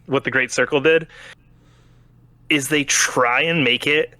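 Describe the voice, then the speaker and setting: A man co-hosting a casual game review chat, animated and fond of acting out bits of dialogue in quick voices. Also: mid-range voice, no room sound. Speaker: podcast co-host reviewing a game.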